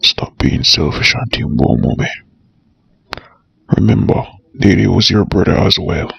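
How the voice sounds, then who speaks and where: A resentful, sharp-tongued Jamaican brother in a home-made cartoon, as a man puts him on. His voice is low, gravelly and husky, and his scolding is dry and cutting. The recording is close and dry with a slightly muffled tone. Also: animated, a little slow, dry recording, full character voice.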